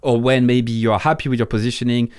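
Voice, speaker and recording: A man's voice: medium pitch, fairly even intonation, fast talker, a little mellow, clear, resonant tone, no echo, studio quality. A man with a French accent, a podcast guest in casual interview talk, blunt and swearing freely, often restarting his sentences. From France.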